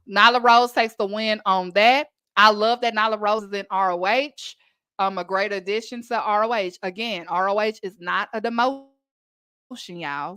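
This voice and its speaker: A woman's voice: medium pitch, a bit bright, clean tone, no echo. A woman from Texas with a Texan accent, hosting a casual wrestling recap podcast and chatting emphatically to listeners.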